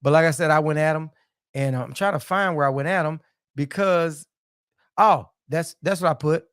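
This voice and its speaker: A man's voice: fairly high pitch, moderate pace, a bit bright, smooth, no echo, clean studio sound. Casual man hosting boxing talk. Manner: loose, repetitive, peppers talk with "man". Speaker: boxing talk show host. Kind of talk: casual live-stream sports chat.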